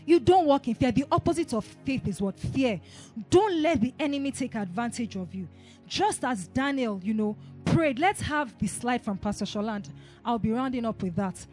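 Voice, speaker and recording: High-voiced woman pastor preaching. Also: animated, moderate pace, soft background music. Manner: preaching with call-and-response questions; rising to shouted declarations. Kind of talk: sermon.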